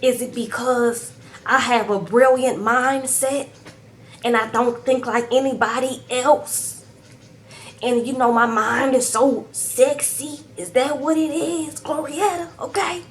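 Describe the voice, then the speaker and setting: A woman's voice: sits high, steady tone, slight background noise. A woman mimicking a pushy, worked-up young man. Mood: demanding. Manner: pushy, rapid rhetorical questions.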